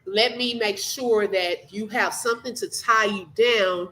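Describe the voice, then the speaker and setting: A woman's voice: mid-range voice, steady tone, a little slow, a bit bright, rough recording. A woman hosting a live reaction stream, chatting casually and thanking viewers by name. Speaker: livestream host.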